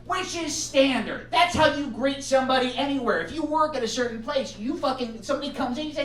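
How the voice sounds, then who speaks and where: A man's voice: extremely high pitch, lively intonation, fairly quick, hardly any pauses, fairly bright tone. A man from the United States doing a stand-up comedy set, swearing freely and rambling, laughing at his own lines as he goes. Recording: roomy sound picked up from a distance.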